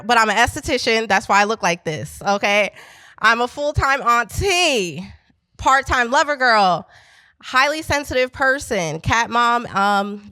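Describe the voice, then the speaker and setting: A middle-aged woman from Pennsylvania, a business founder, telling a lively story to a live audience and talking straight to the crowd. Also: fairly high pitch, no echo. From Pennsylvania, USA. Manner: animated, chatty, addresses the crowd directly. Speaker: business founder speaking at an event. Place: event space at a coworking venue.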